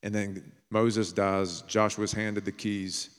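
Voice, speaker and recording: A man with a low voice preaches a sermon in a church sanctuary. He speaks earnestly and plainly, and at times drops into a hushed, intimate storytelling tone. His words ring out with the long reverb of a large hall. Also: flat delivery, slow pace, clean tone. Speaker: pastor.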